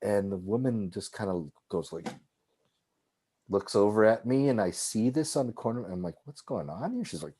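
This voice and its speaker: Man, filmmaker guest, low mellow voice, animated storyteller. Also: normal speed, slightly rough. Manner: animated, frequent "like", restarts. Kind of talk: personal storytelling in conversation.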